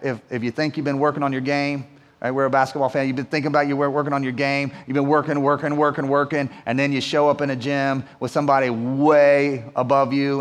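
A man preaching a sermon as pastor in a church, chatty and repetitive, checking in with "right?". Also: medium pitch. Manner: conversational, repeats words, asks the room "right?". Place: church hall. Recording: long hall reverb.

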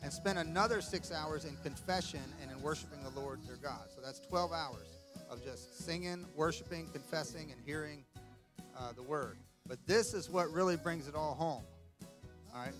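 A man's voice: on the high side, moderate pace. A man preaching a conversational sermon as pastor, emphatic and full of "right?" asides. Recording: clear music under the voice.

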